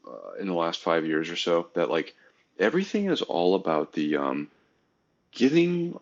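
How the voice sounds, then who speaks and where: A man's voice: low-pitched, normal speed, lo-fi sound. A man on a podcast telling army stories in casual, profane bro-speak, acting out the voices of others. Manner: animated storytelling, acts out voices of others. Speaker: podcast co-host, army engineer veteran.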